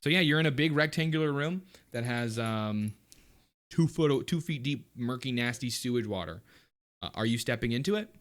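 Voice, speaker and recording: A man's voice: mid-range voice, lively intonation, moderate pace. A man narrates as dungeon master for his tabletop group, stopping often for fillers and breaking into laughter between descriptions.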